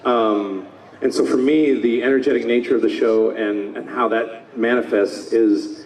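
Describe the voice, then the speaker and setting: A man's voice: medium pitch, steady tone, a little mellow, recorded from a distance. Enthusiastic man in his fifties, echoey panel. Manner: enthusiastic, slips into quick character voices. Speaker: voice actor guest. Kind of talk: convention panel talk. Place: convention panel room. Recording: roomy hall, mic from afar.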